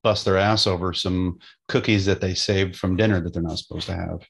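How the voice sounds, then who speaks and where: A man's voice: deep voice, steady tone, brisk, creaky, fairly bright tone, breathy edge. A man who works as a jail deputy, talking bluntly and casually about the job in a podcast chat.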